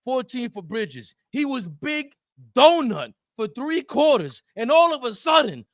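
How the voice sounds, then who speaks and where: A man co-hosting a sports podcast, giving a hyped recap of a game and shouting trash talk about the opposing players. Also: very high-pitched, very animated, unhurried, dry recording, clean studio sound. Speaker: podcast co-host.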